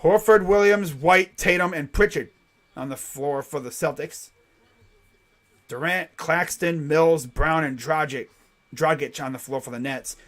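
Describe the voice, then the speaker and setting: A man with a high voice commentates a basketball game live for his stream. His excited quick calls alternate with loose, joking tangents. The delivery is casual and unscripted. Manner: jokey, rambling asides between excited calls. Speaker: live reaction play-by-play streamer.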